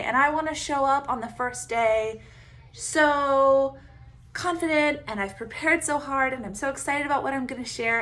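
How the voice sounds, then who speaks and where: A woman coach giving casual self-help advice, animated and quick to laugh as she acts out her own inner voice. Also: high voice. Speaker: Enneagram coach, podcast host.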